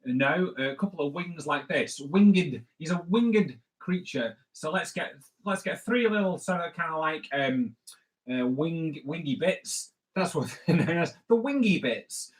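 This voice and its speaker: Male comics artist, slightly high voice, loose jokey drawing tutor. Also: expressive, measured pace. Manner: chatty, rambling, with jokey asides. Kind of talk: live drawing lesson.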